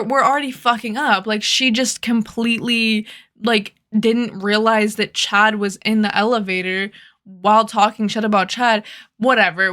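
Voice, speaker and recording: A woman's voice: mid-range voice, bright, forceful tone. A young woman telling a story to the camera, rambling and laughing, with lots of "like" fillers. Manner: rambling, laughing, heavy use of "like". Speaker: vlogger. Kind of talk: casual storytelling.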